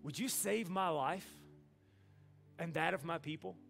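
A man's voice: on the high side, a little slow, vocal fry, a bit bright, soft background music. A man voicing a gracious, clever queen. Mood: pleading. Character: clever queen, young woman, calm and gracious.

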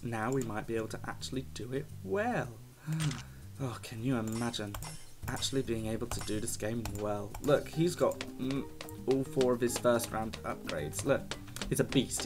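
A young man giving jokey, excitable commentary while playing a video game, talking to the screen as he goes. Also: medium pitch. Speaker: gaming YouTuber. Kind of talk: casual let's-play commentary.

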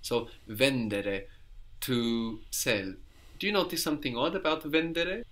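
A man teaching in a recorded language lesson, patiently explaining and slowly repeating each answer. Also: fairly high pitch, lively intonation, a bit bright.

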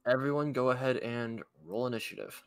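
A man's voice: mid-range voice, expressive, fairly quick, no echo. A man running a tabletop game as dungeon master over a voice call, often restarting his sentences as he explains the rules.

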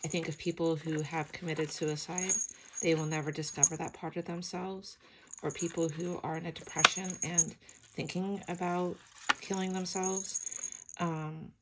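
A middle-aged woman with a sleepy morning voice, chatting softly and emotionally as she flips through her art journal, with many ums. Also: sits low, flat delivery, normal speed, very noisy. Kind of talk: casual flip-through chat.

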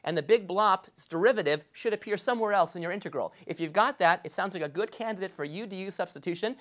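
Rapid-fire enthusiastic male math professor. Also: high voice. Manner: energetic, enthusiastic, playful asides. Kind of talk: fast-paced lecture.

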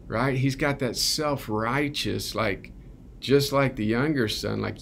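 A man's voice: mid-range voice, takes it slowly, gravelly, slight background noise. A man giving a conversational, earnest sermon at a recovery ministry, often checking in with "right?". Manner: earnest, keeps asking "right?".

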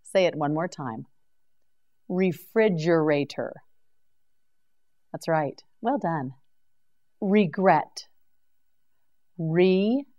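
Very slow, deliberate woman teacher. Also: lowish voice, warm tone, lo-fi sound. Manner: slow, carefully articulated, repeats words for practice. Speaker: English vocabulary teacher. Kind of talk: slow scripted vocabulary drill.

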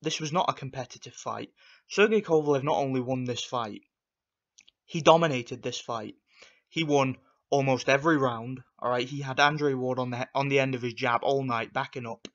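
A man's voice: medium pitch, moderate pace, lo-fi sound. A man giving an angry, profane rant as he reviews a boxing fight for his channel, repeating himself and piling on insults. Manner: angry, profane, repetitive ranting.

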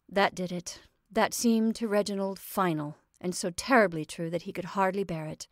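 A woman's voice: mid-range voice, steady tone, normal speed, few pauses, dry recording, clean studio sound. Woman reading a story aloud. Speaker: host and reader. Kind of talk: storytelling narration.

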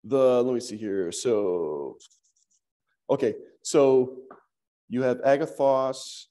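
A man with a warm, medium-pitched voice leads a Greek language class in a church classroom. He's slow and patient, using fillers as he reasons through his explanations aloud.

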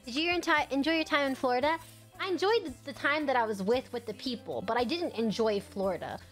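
A young adult woman chatting casually and excitably while commentating her own gameplay, quick to laugh and to yell at the screen. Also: high voice, faint music behind. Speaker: gaming streamer.

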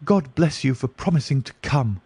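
A man's voice: mid-range voice, animated, normal speed, vocal fry, darkish tone, no room sound, pitched above the performer's own voice. An anxious young diplomat, weak from illness and clinging to hope. A male narrator lifts his voice well above his own for him. Eager, fretful delivery, with a dry close sound.

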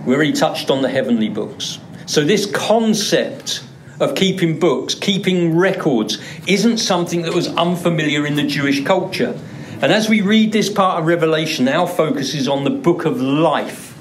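A man's voice: a little high, slight background noise. Emphatic man preaching a sermon. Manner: emphatic, repeats words for stress. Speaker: pastor. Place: church.

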